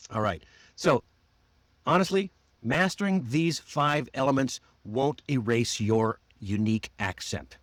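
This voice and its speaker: A man with an American accent, coaching pronunciation in a livestreamed lesson and demonstrating words slowly and deliberately. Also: mid-range voice, no room sound. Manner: slow, drawn-out demonstrations of words.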